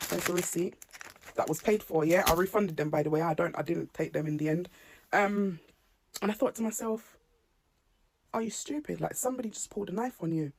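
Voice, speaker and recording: A woman's voice: lowish voice, dry recording. A woman, a mum of children with special needs, animatedly retelling a personal incident to camera and acting out the dialogue. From England. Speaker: SEN mum telling her story.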